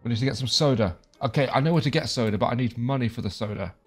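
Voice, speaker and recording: A young man chats his way through a video game, cracking jokes and reading on-screen lines aloud. His voice sits at a medium pitch. Faint background music plays under the commentary. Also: racing. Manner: chatty, jokey, reads game dialogue aloud. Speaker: gaming video creator. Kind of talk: casual let's-play commentary.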